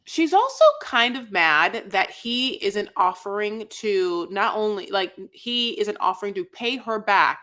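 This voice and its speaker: Bright-voiced woman telling a story casually. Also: mid-range voice, a little slow, hardly any pauses. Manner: relaxed storyteller, acts out quotes, fillers like "you know". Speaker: podcast co-host. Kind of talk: casual chat.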